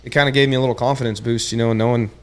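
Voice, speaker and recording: A man's voice: mid-range voice, fairly even intonation, rapid-fire. A young man, a guest on a podcast, telling a story in casual chat. He talks in a laid-back way, says "dude" often and acts out the lines he quotes. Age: young adult. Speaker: podcast guest, tournament angler.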